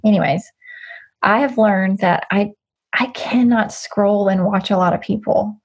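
A chatty woman talks openly and at length as an interview guest, often restarting her sentences. Her voice is a little husky, and the recording sounds muffled and lo-fi. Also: mid-range voice, measured pace. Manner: candid, rambling, frequent restarts. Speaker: guest, social media creator. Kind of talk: casual interview chat.

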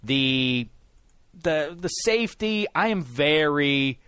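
A man's voice: fairly high pitch, lively intonation, takes it slowly, pushed and bright, clean tone, no room sound, studio quality. A man hosting a sports podcast, talking in an emphatic, opinionated way. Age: 40s or older. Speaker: podcast host. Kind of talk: casual sports podcast chat.

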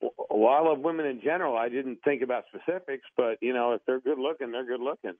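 A man's voice: mid-range voice, fast talker, no echo. A man taking a phone call, flustered and defensive, stammering as he questions the caller. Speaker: prank call target. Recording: tinny phone line, dry.

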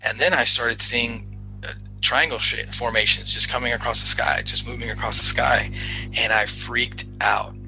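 A man as a podcast guest, telling a story in casual chat, animated and repeating himself as he goes. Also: medium pitch, moderate pace, creaky, music in the background, rough recording. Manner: animated, repeats himself, acts out his own excited shouts.

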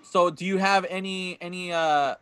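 A man's voice: high-pitched, fairly even intonation, normal speed, background noise. A man in his thirties chatting casually about a movie, acting out lines and laughing often. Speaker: podcast co-host. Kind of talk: casual movie review chat.

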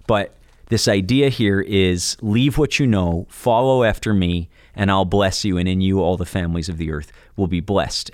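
A man's voice: lowish voice, no echo, studio quality. A man co-hosting a podcast, explaining in an earnest, teaching way with wry asides. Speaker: co-host.

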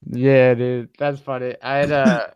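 Smooth-voiced young man telling stories. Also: mid-range voice, level tone, unhurried, a little mellow, dry recording. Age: young adult. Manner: laid-back storytelling with slang and swearing. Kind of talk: casual chat.

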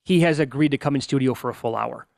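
A man's voice: medium pitch, vocal fry, a little mellow, dry recording, clean studio sound. Teasing male sports radio co-host. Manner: teasing, quick back-and-forth banter. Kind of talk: casual sports talk.

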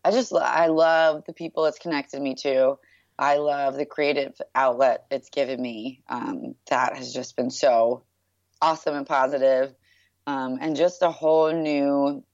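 A woman in her thirties from New York with a strikingly deep, low voice chats about her work as an interview guest. She is upbeat and loose, with lots of "like" and "um" fillers. The recording is dull and lo-fi, with a dry, close sound. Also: darkish tone, dry recording. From New York, USA. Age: 30s. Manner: chatty and upbeat, with many "like" and "um" fillers. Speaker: guest, brand founder. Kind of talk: casual interview chat.

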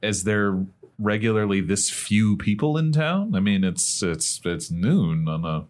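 A man's voice: fairly low pitch, sing-song, measured pace, a little mellow. A man playing in a tabletop game, making dry, wry remarks. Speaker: player. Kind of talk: casual tabletop play.

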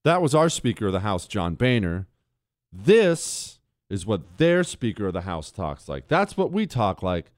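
A man's voice: fairly low pitch, very animated, unhurried, a faint crowd. A man hosting a talk radio monologue, ranting in a sarcastic way. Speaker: radio host.

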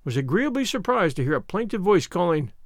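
A man narrating a classic novel as an audiobook, telling the story in an expressive, measured way. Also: sits high, no room sound, studio quality.

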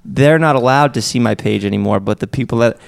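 A young man co-hosts a podcast in a fast, mid-range voice with vocal fry. He tells stories in a laid-back, casual chat and swears freely.

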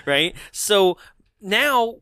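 A man casually chatting as a podcast co-host, animated and acting out quotes. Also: high voice, extremely slow, dry recording, studio quality. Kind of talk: casual chat.

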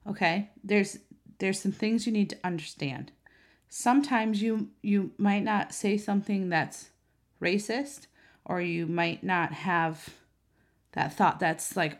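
A woman's voice: lowish voice, takes it slowly. A woman in her thirties, a mother, talking earnestly to camera in a conversational way, with many fillers and restarts. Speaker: mother and vlogger.

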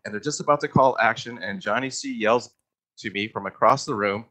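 A man guest on a podcast, animated and laughing often as he tells stories from a past job on set. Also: medium pitch, fairly quick, low-quality recording. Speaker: guest, former stand-in. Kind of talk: casual podcast chat.

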